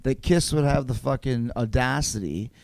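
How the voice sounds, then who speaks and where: A man talking as a guest in a casual podcast chat, animated and emphatic, swearing freely as he makes his points. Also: medium pitch, normal speed, vocal fry, a little hiss or hum.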